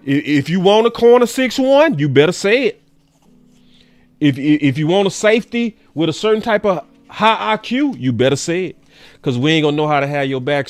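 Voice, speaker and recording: Male sports-talk host, somewhat high voice, swings between low and loud. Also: dry recording. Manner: emphatic, repeats his points, swears. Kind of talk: casual commentary.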